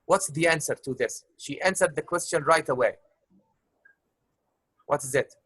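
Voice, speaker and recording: A male teacher running an online class, his voice sitting a little high and sounding dry and close. He circles each question several times, fills gaps with uhs, and addresses his students fondly as love. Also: moderate pace, breathy edge, dry recording. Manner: repeats and rephrases questions, many filler uhs; warm, calls students love. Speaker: English teacher.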